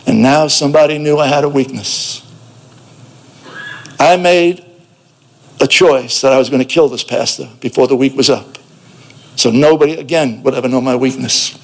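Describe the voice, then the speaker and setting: A man's voice: mid-range voice, moderate pace, gravelly, pauses often. A man giving a personal testimony, telling his story in a blunt, plainspoken way with a streetwise edge.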